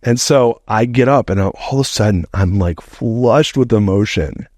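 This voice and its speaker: Middle-aged male podcast guest, deep and dry, loose profane storyteller. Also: normal speed, dry recording. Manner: animated, rambling, heavy use of "like", swears freely. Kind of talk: casual storytelling.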